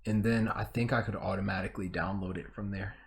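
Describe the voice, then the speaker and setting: A man hosting a reaction video, making quiet asides and giving short reactions. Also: on the low side, fairly even intonation, quick pace, creaky. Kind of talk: casual reaction commentary.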